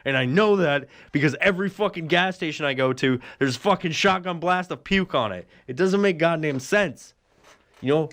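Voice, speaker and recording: A man hosting a solo podcast, rambling through a profane, crude rant. His voice sits a little high and shoots up further when he fires off rhetorical questions. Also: normal speed. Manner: profane, crude and animated, heavy swearing; jumps up in pitch when ranting rhetorical questions. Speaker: podcast host.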